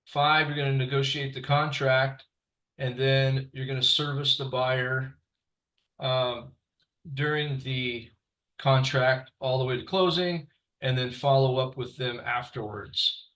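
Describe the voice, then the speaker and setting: A man leading an online real estate training session over a video call, halting and full of fillers and restarts. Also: mid-range voice, fairly even intonation, bright, forceful tone, poor audio.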